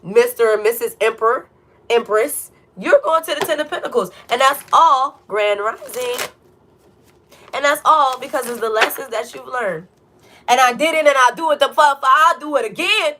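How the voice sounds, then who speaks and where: Tarot reader, young woman, slightly high voice; swears freely and preaches encouragement. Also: normal speed, pushed and bright, a little hiss or hum. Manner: blunt, profane, preachy pep talk. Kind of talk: tarot reading monologue.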